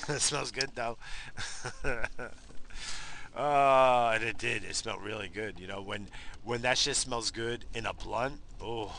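A man's voice: mid-range voice, slow pace, creaky, pushed and bright, slight background noise. A middle-aged man from New York, rambling casually and profanely in his car, laughing as he tells stories. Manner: profane, laid-back, laughing storyteller. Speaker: vlogger. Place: parked car.

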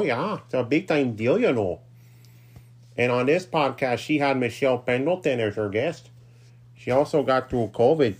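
A man hosting his own podcast, reading listener shout-outs in a rambling, self-deprecating way with offhand asides. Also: mid-range voice. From New York's Capital Region. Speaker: podcast host.

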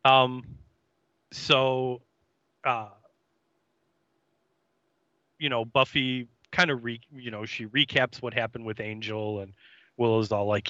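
A man co-hosting a casual recap podcast, talking in a hesitant way with lots of fillers. His voice is bright and a bit tense. The recording is dry and dull, like a lo-fi mic with no room sound. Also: medium pitch, level tone, unhurried, no room sound. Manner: chatty, hesitant, many fillers and voiced quotes. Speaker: podcast co-host.

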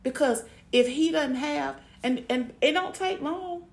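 Woman, frank advice monologue, a bit high, gravelly, emphatic and repetitive. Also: unhurried. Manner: frank, emphatic, repeats herself. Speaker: relationship advice speaker. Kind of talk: blunt monologue to women.

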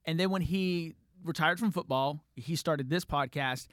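A man hosting a casual studio podcast, excitable and self-deprecating. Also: fairly high pitch, a little slow, no echo. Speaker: podcast host.

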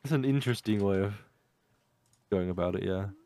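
Podcast co-host, low voice, feeling ill, earnest explainer, dry close sound. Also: male voice, a little fast, dark tone, no echo. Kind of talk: casual chat.

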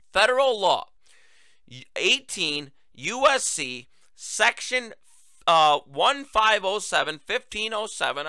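A man's voice: a little high, bright, forceful tone, clear, resonant tone, no echo. A man hosting a political commentary show, talking in a sarcastic monologue full of mocking asides. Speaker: host.

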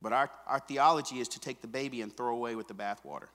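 In a church sanctuary, a male pastor with a mid-range voice preaches fast, his words filling the large hall. He shifts from quiet, intimate asides to loud, fervent passages, repeating phrases with a casual "man" and "come on."

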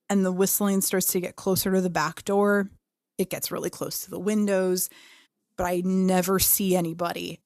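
A woman's voice: medium pitch, no room sound. Dry-sounding woman telling a ghost story. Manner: animated, swears freely, acts out quotes. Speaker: podcast co-host. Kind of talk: casual storytelling.

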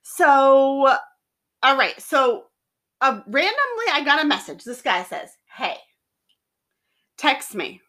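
A woman hosts a podcast and tells a story in casual chat. Her voice sits high and swings widely as she acts out the messages. The tone is bright and clear. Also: takes it slowly. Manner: animated storytelling, acts out text exchanges. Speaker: podcast host. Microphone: studio mic.

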